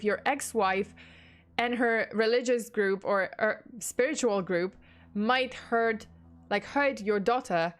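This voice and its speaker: Chatty young woman streaming true crime. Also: medium pitch. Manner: chatty, laughs often, swears casually. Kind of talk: casual livestream narration with chat replies. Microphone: desktop USB mic.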